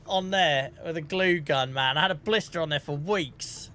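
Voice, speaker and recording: Bright-voiced man chatting while gaming. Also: on the high side, moderate pace, a little hiss or hum. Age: 30s. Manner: chatty, swears and laughs a lot while storytelling. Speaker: streamer. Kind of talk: casual gameplay chat.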